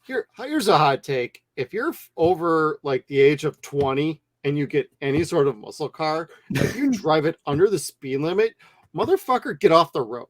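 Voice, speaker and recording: A man co-hosting a movie review show, talking casually and bluntly with lots of swearing and animated retellings. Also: on the high side, moderate pace, dry recording. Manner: blunt, profane, animated storytelling. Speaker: movie review podcast co-host.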